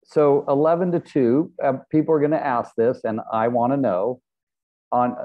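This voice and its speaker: A man from Fremont, California, hosting an interview, responding in a reflective, affirming and measured way. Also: medium pitch, steady tone. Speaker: podcast host. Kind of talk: interview conversation. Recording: tinny phone-like line.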